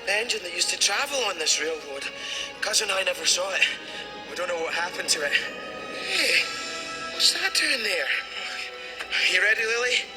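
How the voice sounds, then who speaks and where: A cheeky, breezy little magic conductor. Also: male voice, sits high, very animated, moderate pace, pauses often, music in the background, poor audio. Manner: breezy, flippant, jokey. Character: cheeky young male magical conductor, easygoing.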